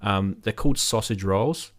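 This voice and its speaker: A man's voice: fairly low pitch, normal speed. A man with an Australian accent, hosting a casual video-call chat and telling a funny story with lots of laughs. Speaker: host.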